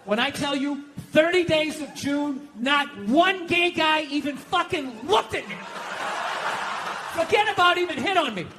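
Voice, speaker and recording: High, bright-voiced ranting stand-up comic. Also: male voice, lively intonation, unhurried, a little hiss or hum. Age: middle-aged. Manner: profane, ranting, exasperated storytelling. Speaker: stand-up comedian. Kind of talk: stand-up comedy set. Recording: live stage recording with hall reverb.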